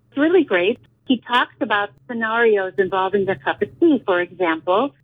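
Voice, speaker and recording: A woman's voice: medium pitch, slightly rough. A middle-aged woman talking candidly as a guest, in an earnest, emphatic way. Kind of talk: candid conversation. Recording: tinny phone line.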